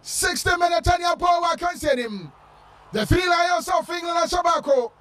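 A man giving shouted football commentary with a chanting, sing-song delivery. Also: very high-pitched, normal speed, far from the mic. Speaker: sports commentator.

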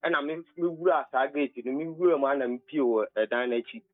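A man's voice: mid-range voice, fast talker, no room sound. A man with a Ghanaian accent calling into a radio show and telling a personal story earnestly, stumbling and restarting. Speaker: caller. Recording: tinny phone line.

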